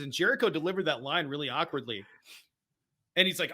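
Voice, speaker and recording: A man co-hosting a podcast in casual chat, excitable and rambling, often laughing as he talks. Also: high-pitched, a little fast. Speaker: podcast co-host.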